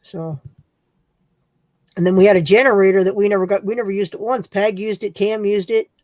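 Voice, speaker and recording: Woman, casual crafting chat, rambling, teasing, mid pitch, dry sound. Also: fairly even intonation, brisk, a little mellow, no echo. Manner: rambling, chatty, playfully teasing. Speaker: livestream craft host.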